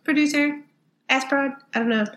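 A woman's voice: sits high, fairly even intonation, moderate pace, a bit bright. A woman with a Texan accent, co-hosting a casual podcast, chatting and laughing a lot as she reads out monster lore. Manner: giggly, bubbly, chatty. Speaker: podcast co-host. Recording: roomy sound.

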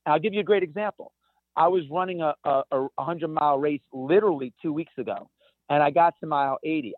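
A man's voice: fairly high pitch, no echo. Man with a tinny phone-line voice. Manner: energetic storyteller, many restarts. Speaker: guest, ultrarunner. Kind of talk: conversational interview. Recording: tinny phone-like dry sound.

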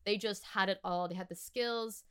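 A woman's voice: mid-range voice, fairly even intonation, moderate pace, a bit bright, clear, resonant tone. A young woman, a musician guest chatting casually on a podcast, laughing often and filling her talk with "like". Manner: chatty, laughing, many fillers like "like".

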